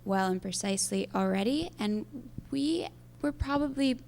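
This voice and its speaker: A woman speaking in a halting, measured way as an actor at a post-screening Q&A on a theater stage. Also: medium pitch, vocal fry, darkish tone. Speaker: actor on a panel.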